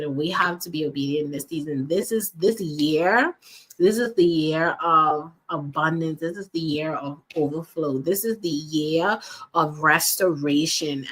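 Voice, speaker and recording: A woman who works as a faith-based life and wellness coach gives an earnest, motivational faith-based monologue. Her lowish, slightly bright voice addresses listeners directly and repeats key phrases for emphasis.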